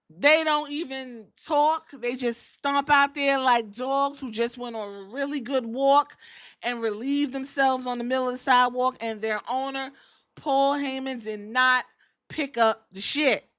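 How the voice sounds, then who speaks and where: A woman with a fairly high voice hosts a podcast and recaps wrestling in loose, joking chat. She swears freely and acts out the lines of the people she talks about. Her tone is bright and forward. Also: a little slow. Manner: animated storytelling, acting out quotes, profane and joking. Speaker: podcast host.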